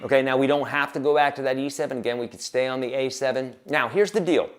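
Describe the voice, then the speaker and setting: A man's voice: medium pitch, fast. A man teaching guitar on a livestream, talking casually and encouragingly and counting beats aloud.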